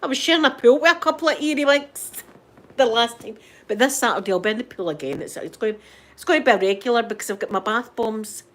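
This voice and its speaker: A fairly bright, slightly high-pitched voice belongs to a middle-aged Scottish woman hosting a live stream. She talks a little fast, keeps things casual, and greets viewers by name.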